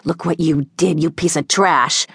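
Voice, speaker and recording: A woman voicing a harsh, drug-addled mother who bellows coarse, loud abuse, in an audiobook. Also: low-pitched, fairly even intonation, measured pace, slightly rough, dry recording, heavily acted. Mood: harsh, berating. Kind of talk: audiobook character voice. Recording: dry close studio sound.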